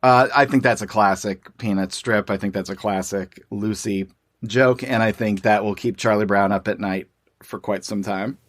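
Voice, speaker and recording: A man's voice: on the low side, steady tone, moderate pace, no room sound, clean studio sound. Wry man co-hosting a podcast. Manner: wry, teasing humor. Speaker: podcast co-host. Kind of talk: casual chat and reading comic strips aloud.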